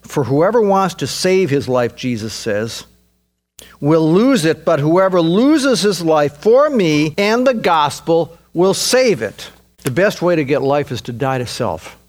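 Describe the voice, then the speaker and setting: A man preaching a sermon in an earnest, emphatic way, often repeating himself. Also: sits high. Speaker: pastor.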